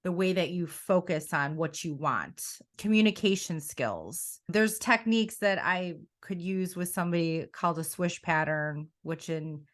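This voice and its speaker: Woman coach, lower voice, lively storyteller, middle-aged, interview guest. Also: unhurried, few pauses. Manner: animated storyteller, quotes her own past thoughts. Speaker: coach and academy founder. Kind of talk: conversational interview.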